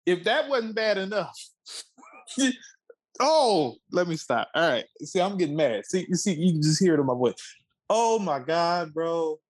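A man's voice: a little high, very animated, a little slow, poor audio. A man in his twenties from the Washington, D.C. area, co-hosting a sports talk show with a heated, profane, emphatic rant. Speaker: co-host.

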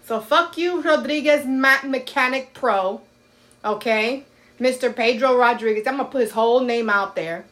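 Woman, podcast co-host, blunt, profane, emphatic, casual chat, slightly high voice. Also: moderate pace, fairly bright tone.

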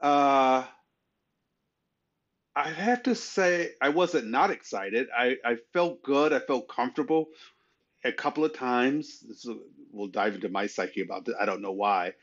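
A man's voice: medium pitch, a little slow, fairly bright tone. A man co-hosting a casual sports podcast, talking conversationally with frequent "you know"s. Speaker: podcast co-host. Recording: slightly muffled lo-fi audio.

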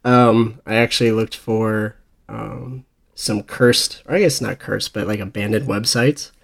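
A man's voice: fairly low pitch, fairly even intonation, unhurried, vocal fry. A young man co-hosting a casual podcast with his best friend, joking around in a playful way. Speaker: podcast co-host. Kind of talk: casual chat.

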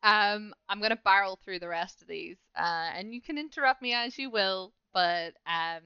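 A woman's voice: medium pitch, moderate pace, bright, forceful tone, smooth, no room sound, highs cut off. A woman hosting a casual gaming podcast, rambling and self-mocking with frequent laughter. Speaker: podcast host.

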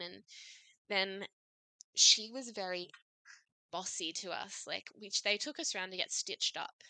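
A young Australian woman in her twenties, with a medium-pitched, sharp voice, is heard in a recording with no echo. Guesting on a podcast, she tells her story casually and chattily, full of "like" and "I was like" quoted asides.

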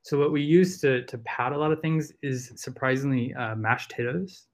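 A man's voice: medium pitch, fairly even intonation, normal speed. A man with a Southern American accent, a podcast guest talking casually and rambling with lots of fillers. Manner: rambling, full of fillers and restarts.

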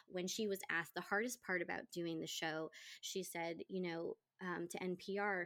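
A woman hosting a podcast, telling a story in casual chat, animated and chatty. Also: lowish voice. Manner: animated, chatty, quotes people in lively voices. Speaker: podcast host.

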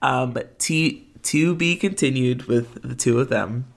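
A woman's voice: a bass voice, measured pace. A woman co-hosting a casual recap chat, with lots of fillers and frequent laughs. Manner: filler-heavy, laughs often. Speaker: podcast co-host.

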